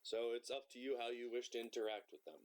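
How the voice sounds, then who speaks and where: A man's voice: medium pitch, steady tone, quick pace. A man acting as game master in an online tabletop game, talking casually and swearing freely.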